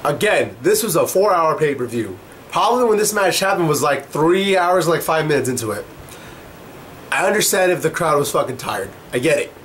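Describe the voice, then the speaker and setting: A young man with a fairly high voice rants at full heat, swearing hard and hammering his points home. He talks like a vlogger dissecting wrestling shows. There is a faint hum behind him. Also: animated, moderate pace, fairly bright tone. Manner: profane, heated, emphatic. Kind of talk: ranting commentary.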